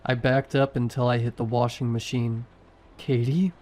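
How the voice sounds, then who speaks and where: A man's voice: medium pitch, little pitch movement, normal speed, a little mellow. A man narrating a first-person horror story in short, tense sentences.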